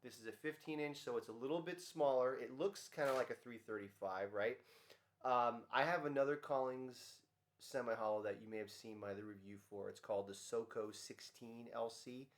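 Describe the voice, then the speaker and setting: A man's voice: medium pitch, moderate pace. Rambling man talking guitar gear. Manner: relaxed and rambling, many ums. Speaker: guitarist demoing his guitar. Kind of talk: casual gear demo talk.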